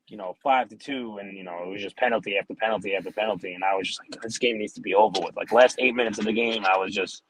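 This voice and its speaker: A man's voice: lowish voice, fairly bright tone, rough recording. A man in his twenties from New York, a podcast guest telling hockey stories in a rambling, laid-back way with lots of fillers. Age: 20s. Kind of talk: casual interview chat.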